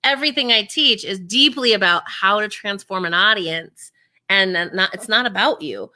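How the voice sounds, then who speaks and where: A woman speaking coach as an interview guest, energetic and acting out inner voices as she explains. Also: medium pitch, moderate pace.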